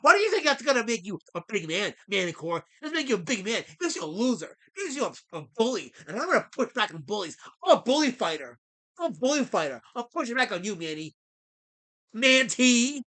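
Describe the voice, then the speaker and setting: A man hosting a livestream, ranting at his chat in a theatrical, mock-indignant way and swinging between loud outbursts and low mutters. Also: very animated, fast talker, few pauses. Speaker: livestream host.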